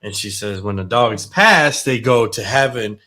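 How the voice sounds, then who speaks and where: A middle-aged man co-hosting a casual talk show, telling a story in an animated way and exclaiming in disbelief. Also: medium pitch, a little slow. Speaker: co-host. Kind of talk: casual radio chat.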